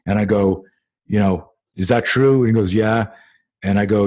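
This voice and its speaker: A man hosting a self-defense talk show, telling a long story in a lively way and acting out the people he quotes. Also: lowish voice, moderate pace. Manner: animated, acts out quoted voices, many fillers. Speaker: host and self-defense coach. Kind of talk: conversational storytelling.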